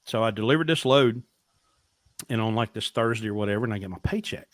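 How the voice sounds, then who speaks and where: A man's voice: on the low side, fast talker, no room sound. Blunt, profane man telling stories. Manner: blunt, profane, acts out dialogue. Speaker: podcast guest, truck driver. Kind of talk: casual storytelling interview.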